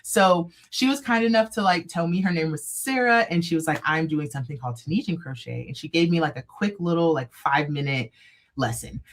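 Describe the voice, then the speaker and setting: Low-pitched woman guest, animated storyteller, leans on "like" constantly. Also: brisk. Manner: animated, gushing, heavy "like" filler. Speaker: guest crochet designer. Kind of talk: casual live-stream interview storytelling.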